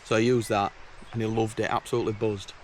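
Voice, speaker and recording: A man's voice: lowish voice, little pitch movement, quick pace, darkish tone, slight background noise. Chatty man. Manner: chatty, blunt, exasperated anecdotes. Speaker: camping vlogger. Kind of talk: casual storytelling to camera. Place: outdoors in a woodland camp.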